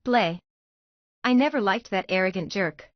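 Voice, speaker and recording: A woman's voice: mid-range voice, lively intonation, moderate pace, no room sound, muffled recording, natural voice. A woman voicing a secretive, lovesick teenage girl ninja with a whiny teen manner, in a fan-fiction story reading.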